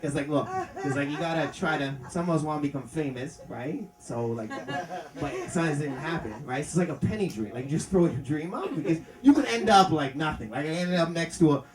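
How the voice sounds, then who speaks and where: A man performs stand-up in a club, rambling through his set with swearing and a steady stream of fillers. His voice comes from a distance in a reverberant room. Loud crowd laughter runs beneath him. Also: a little high, quick pace. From Windsor, Canada. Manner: rambling, profane, full of "like" fillers. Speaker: stand-up comedian. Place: comedy club stage.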